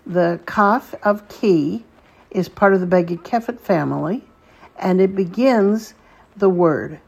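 A woman teaching a language lesson, patient and deliberate, repeating each word slowly for learners. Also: mid-range voice, gravelly, a little mellow, slightly rough, highs cut off. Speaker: Hebrew teacher. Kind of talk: slow spoken lesson.

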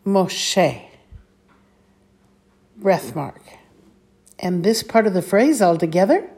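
A woman leading a slow scripture reading lesson, saying each word deliberately and repeating it for listeners to echo. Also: on the low side, expressive, dark tone, husky.

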